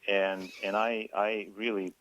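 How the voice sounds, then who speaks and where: A man's voice: fairly low pitch, flat delivery, slow pace, fairly bright tone, low-quality recording. A man, a guest author on a radio show, talking earnestly and thoughtfully, often restarting his phrases. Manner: earnest, reflective, with many restarts. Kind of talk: radio interview.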